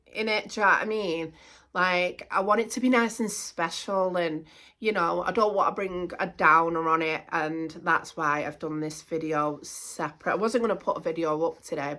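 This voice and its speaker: A middle-aged woman, talking casually to camera as a vlogger, animated and indignant, repeating herself. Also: mid-range voice.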